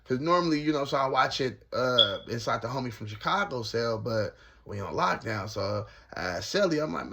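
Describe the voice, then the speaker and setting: A man spins a casual, slang-heavy story from his time inside, animated and quick to laugh. His mid-pitched voice is gravelly, with a husky, grainy edge. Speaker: former prisoner telling his story.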